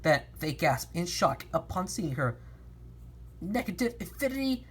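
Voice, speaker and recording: A woman's voice: sits low, unhurried, breathy edge. A woman reading a fan storybook aloud, often stumbling and restarting lines. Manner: lively, with frequent restarts and stumbles.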